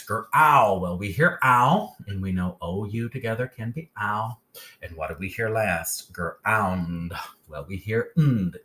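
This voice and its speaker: Man, phonics teacher, low voice, lively up-and-down pitch, slow sounding out, frequent check-ins. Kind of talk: phonics lesson.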